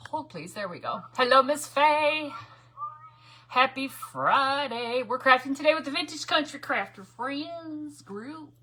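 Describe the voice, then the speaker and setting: A woman hosting a casual crafting livestream from her home craft room, rambling and greeting viewers by name, with hushed asides. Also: on the high side, breathy edge. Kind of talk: casual live crafting chat.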